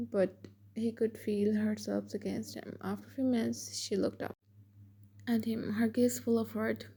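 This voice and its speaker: A woman narrating a fan fiction romance story in a steady scripted read. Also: medium pitch, gravelly, husky.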